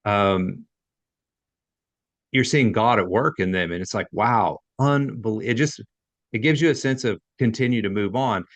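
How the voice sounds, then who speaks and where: Candid male host, low dry voice. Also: measured pace, no room sound. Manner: candid, rambling questions. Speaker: podcast host. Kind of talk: conversational interview.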